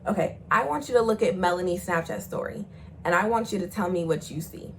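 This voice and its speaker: A woman's voice: on the low side, brisk, slight background noise, poor audio. A young woman vlogger telling a personal story in a casual, slangy way, swearing freely and acting out the voices of the people she quotes.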